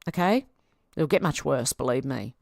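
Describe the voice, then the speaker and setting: A woman's voice: extremely low pitch, lively intonation, moderate pace, creaky, darkish tone, no room sound, studio quality. An Australian woman in her fifties hosting a casual livestream, reading viewer comments aloud and chatting back to them. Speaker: livestream host.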